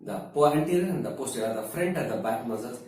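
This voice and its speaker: A man, a wellness expert, explaining health advice slowly and deliberately, using everyday comparisons and frequent fillers. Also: medium pitch, expressive, darkish tone. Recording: very echoey room, distant mic.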